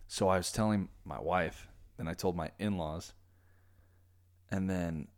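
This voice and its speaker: A man from Orange County, California, hosting a podcast and telling a personal story in casual chat, animated and acting out the people he quotes. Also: deep voice, unhurried. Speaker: podcast host.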